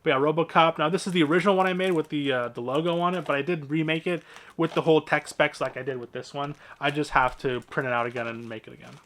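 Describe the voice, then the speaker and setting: A man's voice: a little high, fairly even intonation, quick pace, a bit bright. A man casually walking through his movie collection, talking in a rambling, offhand way with lots of fillers and the odd swear.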